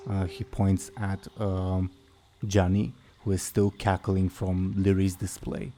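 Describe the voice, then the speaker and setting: A man narrating as game master of a tabletop game, slow and halting with many fillers. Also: low voice, flat delivery, warm tone, faint music behind.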